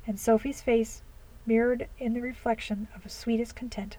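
A woman narrating classic fiction as an audiobook, in a measured, expressive storytelling manner. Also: medium pitch, low-quality recording.

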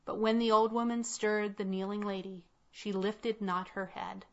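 A woman's voice: medium pitch, flat delivery, a little slow. Woman narrating a solemn old tale. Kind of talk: scripted narration of a classic story. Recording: slightly muffled lo-fi.

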